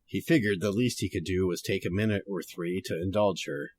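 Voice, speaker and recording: A man's voice: low-pitched, a little fast, darkish tone, slightly rough, no room sound, clean studio sound. Chatty man who laughs a lot. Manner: laughs often, sidetracked, swears casually. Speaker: podcast host reading a story. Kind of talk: casual chat and story reading.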